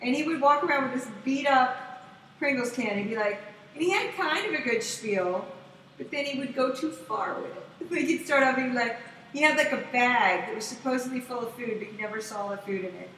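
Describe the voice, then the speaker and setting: High, bright, excitable woman storyteller. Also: brisk. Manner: profane, excitable, acts out quotes loudly. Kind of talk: animated casual storytelling. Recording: echoey room, distant mic, faint noise.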